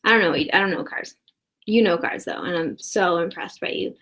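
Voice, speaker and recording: A woman's voice: on the low side, normal speed, a bit bright. Rambling woman doing improv comedy. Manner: rambling, mock-earnest, escalating outrage. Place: indoors at a desk.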